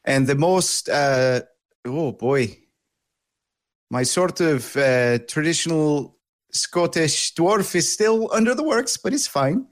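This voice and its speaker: A man, a voice actor and game master, explaining voice tricks in a relaxed interview. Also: a little high, slow. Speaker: voice actor and dungeon master, guest. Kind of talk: casual interview chat.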